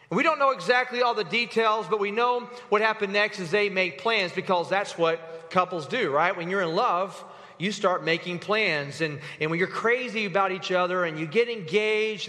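A man preaching a sermon in a church, telling the story with animated acting and quick asides to the congregation. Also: sits high. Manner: animated storytelling, acts out voices of people in the story. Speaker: pastor. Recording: long hall reverb.

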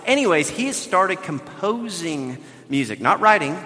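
A man in his thirties, a pastor telling a lively family story in a sermon, now and then raising his voice. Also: high voice, measured pace. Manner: animated storytelling with bursts of shouting. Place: church sanctuary. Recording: long reverb of a large hall.

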